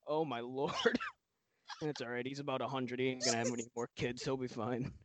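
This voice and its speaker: A man's voice: mid-range voice, normal speed. A man guest on a podcast, chatting casually while watching TV, laughing often and making wry jokes.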